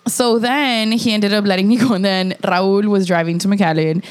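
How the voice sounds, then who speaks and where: A woman's voice: mid-range voice, moderate pace. A young woman, telling a story in a casual chat. She swears freely and says "like" a lot. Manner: animated storytelling, profane, heavy use of "like".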